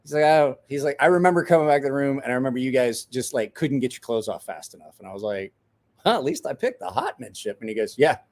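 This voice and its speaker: A man's voice: mid-range voice, animated, fast, darkish tone. A man in his forties, a podcast host telling a rowdy story in casual chat, swearing, laughing and acting out the voices of the people he quotes.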